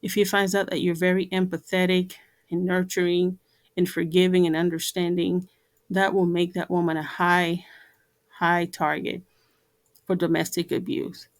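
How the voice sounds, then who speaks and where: A woman's voice: lowish voice, level tone, moderate pace. A woman giving an earnest talk to camera, repeating herself and using many fillers. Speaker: vlogger.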